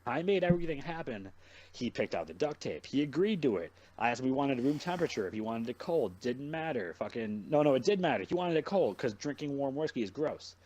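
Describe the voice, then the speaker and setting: A man's voice: mid-range voice, brisk. Swearing young man telling a rambling story. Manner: swears a lot, rambling and animated. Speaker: podcast host. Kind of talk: casual storytelling chat.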